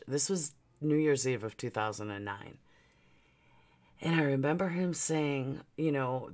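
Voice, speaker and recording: A woman's voice: a bass voice, expressive, moderate pace. A woman vlogger telling a personal story, candid and profane, with emotional swings.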